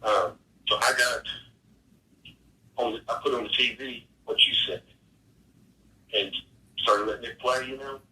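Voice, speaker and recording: A man's voice: medium pitch, fairly even intonation, unhurried, pauses often, bright, forceful tone, reverberant, far from the mic, rough recording. A man, a homeowner, describing strange events hesitantly, rambling with many fillers.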